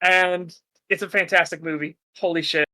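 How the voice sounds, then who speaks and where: A man hosting a casual podcast chat, retelling things in an excited, profane way. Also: high voice, normal speed. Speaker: streamer host.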